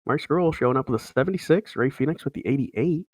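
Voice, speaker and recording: A man's voice: medium pitch, fast talker, darkish tone, no echo. Guy reading off wrestling match results like a ring announcer, chill, dry close mic. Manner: play-by-play announcer delivery, easygoing. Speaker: podcast co-host running a wrestling promotion. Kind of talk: casual chat, recapping wrestling show results.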